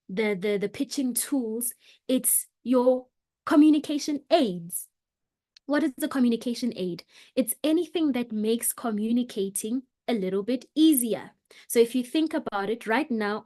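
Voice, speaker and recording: A woman teaching how to pitch, speaking emphatically and varying her pace and pitch for effect. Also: darkish tone. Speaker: presentation coach. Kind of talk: motivational lesson on pitching.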